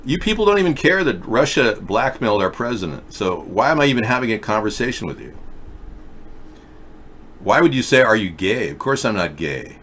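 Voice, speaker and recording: A man's voice: lowish voice, big pitch swings, normal speed, a bit bright, a little hiss or hum. A man hosting a casual video chat show, rambling through stories and reading viewer comments aloud. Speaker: show host.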